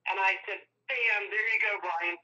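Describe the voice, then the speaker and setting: A woman's voice: mid-range voice, normal speed, sharp tone. A woman calling in to a live stream, chatting eagerly and laughing often. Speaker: caller. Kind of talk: casual call-in chat. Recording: distant tinny phone line.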